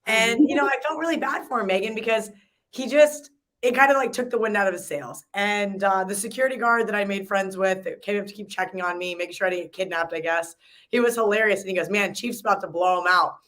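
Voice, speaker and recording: A woman's voice: medium pitch, quick pace, fairly bright tone. A woman hosting a casual sports betting chat, telling rambling stories in a conversational way. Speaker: sports betting show host.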